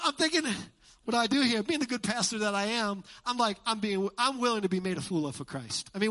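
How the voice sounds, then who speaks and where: A man preaching a sermon as a pastor, animated and joking with his congregation in a church. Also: sits high. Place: church sanctuary.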